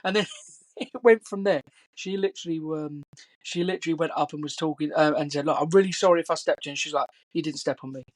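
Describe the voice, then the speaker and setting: Male podcast guest, higher voice, sweary and jokey, dry sound. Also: no echo. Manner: laughing, swearing, quick interjections. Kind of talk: casual storytelling chat.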